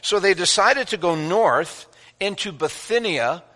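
Male pastor, bright and fairly high voice, chatty sermon with questions to the pews, long church reverb. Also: animated, measured pace. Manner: conversational, asks the congregation questions. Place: church sanctuary.

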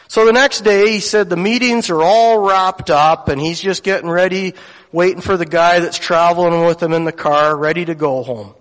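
A man's voice: fairly high pitch, moderate pace, a bit bright, in a large hall. A man preaching a sermon, telling a story earnestly and emotionally, acting out the dialogue of the people in it.

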